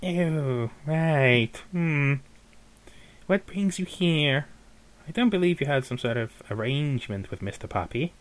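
A man's voice: on the high side, expressive, measured pace. A man voicing a hassled, bored elf receptionist woman who talks curtly and dismissively. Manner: curt, dismissive, mock-polite.

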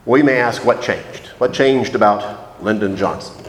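Homme prêchant un sermon mesuré dans une église qui résonne. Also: male voice, on the low side. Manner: measured, reflective, slows for emphasis. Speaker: preacher. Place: church sanctuary. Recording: echoey church hall.

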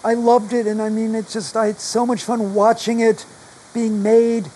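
A man's voice: high voice, flat delivery, normal speed, mellow, a little hiss or hum, poor audio. A man whose voice is damaged by long covid, telling stories as a guest author in a chatty, self-deprecating way. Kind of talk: casual storytelling in a live conversation.

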